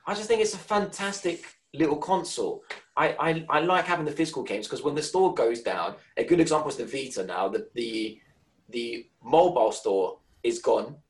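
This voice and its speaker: A man's voice: mid-range voice, normal speed, rough recording. A British man co-hosting a casual gaming podcast, chatty and rambling, restarting his sentences often. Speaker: podcast co-host.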